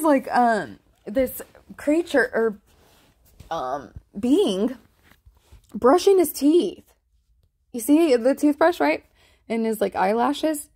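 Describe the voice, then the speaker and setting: A woman's voice: fairly high pitch, creaky, darkish tone. A woman talking casually to her viewers as a spiritual vlogger, giggling often and trailing off mid-thought while walking through her pictures. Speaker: spiritual vlogger showing sky photos. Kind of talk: casual rambling commentary.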